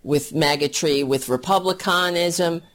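A man's voice: on the high side, a little slow, fairly bright tone. A man ranting at length about politics, angry, mocking and profane, as a solo commentator.

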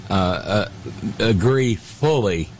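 A man hosting a radio talk show, talking in a halting way full of fillers and restarts, with sardonic asides. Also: on the low side, animated, darkish tone, a little hiss or hum. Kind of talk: casual on-air commentary.

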